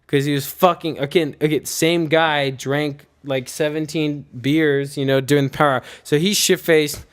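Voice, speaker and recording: A man's voice: a little high, normal speed, clear, resonant tone. Laughing young man telling a wild story. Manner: excited, laughing, swearing, acts out quotes. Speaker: podcast guest telling a story. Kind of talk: casual chat, storytelling.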